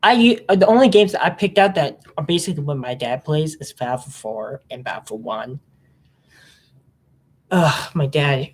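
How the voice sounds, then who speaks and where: A vlogger talking in a casual, rambling monologue, hopping between topics, the voice jumping up in pitch when excited. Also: moderate pace, husky. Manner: mimics other people in silly voices.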